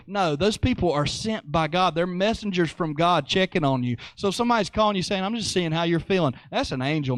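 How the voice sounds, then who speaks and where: A man preaching a sermon in an animated way, repeating phrases for emphasis. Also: on the high side, no room sound.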